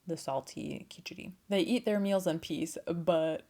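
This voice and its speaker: A woman's voice: on the low side, measured pace, vocal fry, mellow. A young woman casually retelling a folktale, chatty and swearing, with laughing asides and playful voiced quotes. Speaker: storyteller and channel host.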